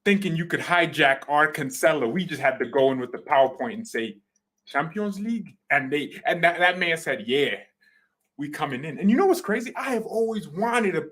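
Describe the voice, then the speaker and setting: A man hosting a football fan channel, talking in an excited, joking way and sometimes shouting. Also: fairly high pitch. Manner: hyped and joking, shouting at times. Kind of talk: excited casual commentary.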